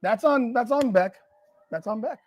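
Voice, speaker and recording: A man hosting a live watch party, reacting loudly and profanely to a football game and arguing with the chat. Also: very high voice, normal speed. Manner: excitable, profane, argues with chat and the broadcast.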